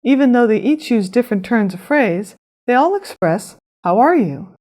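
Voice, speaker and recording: A woman narrating a scripted language lesson, explaining phrases clearly and pronouncing them with care. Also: a little high, expressive, a little mellow. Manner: clear, measured instruction with careful pronunciation. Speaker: language teacher.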